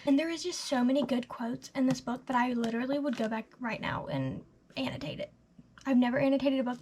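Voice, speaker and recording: A young woman of eighteen chats through her monthly book review with a high, light voice. She gushes in a casual, rambling way, leaning on "literally" and "like". Her words often fade into soft, breathy half-whispers. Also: a little hiss or hum. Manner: gushing and chatty, full of "literally" and "like", trailing into soft half-whispers. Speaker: book vlogger.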